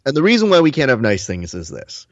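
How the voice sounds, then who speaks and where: A man co-hosts a relaxed podcast, reading out comments with wry asides. His voice is recorded close and dry, with a slightly muffled, dull tone. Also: mid-range voice, quick pace, dry recording. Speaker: podcast co-host. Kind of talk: casual podcast chat.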